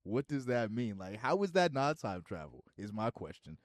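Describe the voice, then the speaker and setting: Laid-back, swearing podcast dude. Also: male voice, lowish voice, very animated, no echo, studio quality. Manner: laid-back, swears often, quick to laugh. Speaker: podcast co-host. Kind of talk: casual chat.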